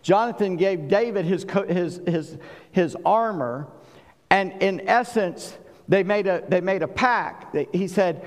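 A man from South Carolina with a Southern accent, preaching a sermon and swinging between booming and hushed delivery. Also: measured pace, long reverb tail. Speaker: pastor.

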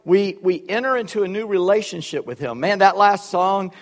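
High-voiced man preaching in a reverberant hall. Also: normal speed. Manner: animated, conversational, with humorous asides. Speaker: pastor. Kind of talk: sermon. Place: church.

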